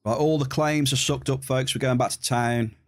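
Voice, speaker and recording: A man's voice: mid-range voice, steady tone, normal speed, dry recording. A man chatting casually with his live-stream viewers as he plays a game, teasing them with dry humor. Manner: dry teasing, banters with chat.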